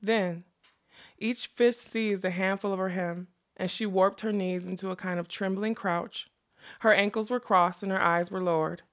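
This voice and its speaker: A woman reading a fantasy novel aloud as an audiobook, pacing her words in a measured, expressive storytelling way. Her voice has a gravelly, fry-touched texture and sits at an ordinary middle pitch. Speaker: audiobook narrator. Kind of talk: scripted narration of a fantasy novel.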